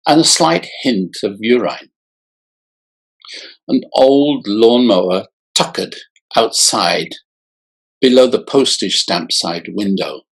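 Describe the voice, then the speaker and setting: A male author reading his own novel aloud in a slow, measured way. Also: lowish voice, gravelly, husky.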